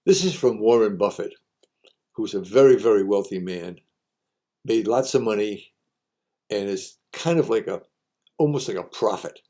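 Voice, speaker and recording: A man's voice: lowish voice, moderate pace, long pauses, warm tone. A man hosting a folksy monologue of homespun advice, repeating each saying for emphasis. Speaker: host sharing sayings.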